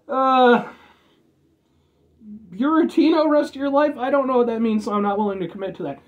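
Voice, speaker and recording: A man's voice: very high-pitched, normal speed, pauses often, highs cut off. A man from the United States doing a casual, rambling drink review with jokes and offhand swearing.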